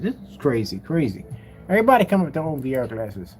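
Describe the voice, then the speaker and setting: A man's voice: mid-range voice, very animated, normal speed, pauses often, darkish tone, soft background music. A man ranting jokingly in a casual commentary, mocking and slangy, laughing often as he exaggerates. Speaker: screen paint seller.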